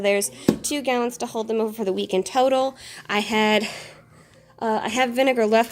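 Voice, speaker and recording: A woman's voice: a little high, background noise. A woman in her thirties chatting casually through a haul vlog at home, slightly out of breath from a chest cough, rambling with frequent fillers and laughs. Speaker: vlogger.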